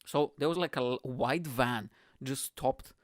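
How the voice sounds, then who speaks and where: A man's voice: mid-range voice, a little slow, no echo, clean studio sound. A man in his thirties from the Balkans, hosting a podcast and telling a comic story with a playful, profane, self-mocking manner. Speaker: podcast host. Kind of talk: comedic storytelling monologue.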